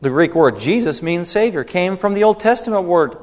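A man's voice: sits high, expressive, brisk. A man preaching a sermon in an emphatic style, his stresses rising and swelling. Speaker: pastor. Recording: long hall reverb.

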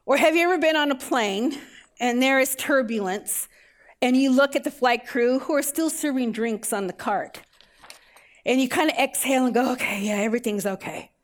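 A woman's voice: sits high, moderate pace. A middle-aged woman pastor delivers a sermon in a slightly raised voice. She tells the story vividly, mixing in everyday examples and rhetorical questions.

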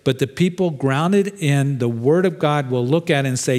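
A man's voice: a little high, normal speed, few pauses, darkish tone. A middle-aged pastor preaching a sermon in a conversational, plain-spoken way, acting out quoted voices as he goes.

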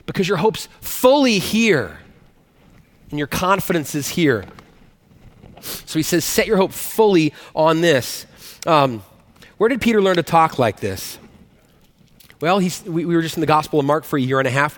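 A man's voice: on the high side, animated, moderate pace, long pauses. A male pastor preaching a sermon in a conversational way, often restarting sentences and asking the congregation questions. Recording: long hall reverb.

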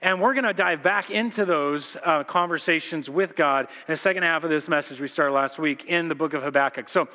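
A man's voice: a little high, a little fast, hardly any pauses. A man preaching a sermon as pastor, telling stories in an informal, joking way to his congregation. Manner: animated storytelling, informal and joking. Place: church sanctuary. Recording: long church hall reverb.

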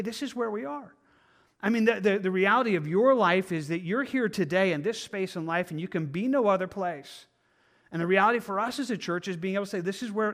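A man's voice: high-pitched, a bit bright. A male pastor preaching a sermon in an earnest, conversational way, sometimes acting out the inner voices of his listeners.

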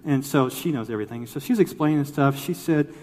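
Animated preacher man in a reverberant hall. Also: mid-range voice, a little fast. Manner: animated storytelling, acts out quoted voices. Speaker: pastor. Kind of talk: sermon.

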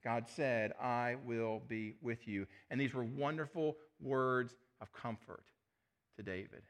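A middle-aged male pastor preaching a sermon, earnest, often dropping his voice to a hush on key words. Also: medium pitch, takes it slowly. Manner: earnest, drops to a soft hush on key phrases.

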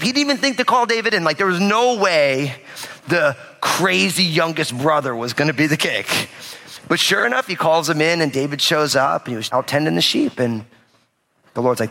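A man preaching a sermon, his voice bright and forward, sitting a touch high for a man. He retells the old stories in loose, conversational words. The long reverb of a large church hall trails after each phrase. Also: expressive, moderate pace, creaky. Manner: casual storytelling preaching, retells scripture in everyday speech. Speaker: pastor. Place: church sanctuary with a live audience.

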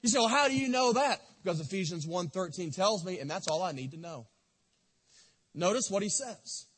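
A man preaching a sermon in a church, impassioned, swinging from loud to soft. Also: sits high, expressive, fairly quick, husky. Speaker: pastor. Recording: long reverb of a church hall.

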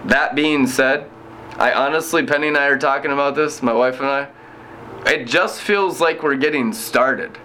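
Missionary man in his thirties, bright forceful voice, lively storytelling testimony. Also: mid-range voice, normal speed, slight background noise. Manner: animated, laughs often while telling his story. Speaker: inner-city missionary and broadcaster. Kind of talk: personal faith testimony.

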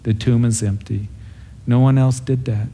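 Mellow-voiced male pastor teaching. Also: mid-range voice, fairly even intonation, moderate pace. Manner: storytelling, acts out the characters with a raised voice; earnest and conversational. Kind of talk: verse-by-verse Bible teaching.

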